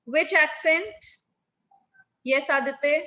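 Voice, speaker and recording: A woman's voice: sits high, slow, bright, forceful tone. A woman teaching a French class over a video call, calling on students by name and repeating their answers.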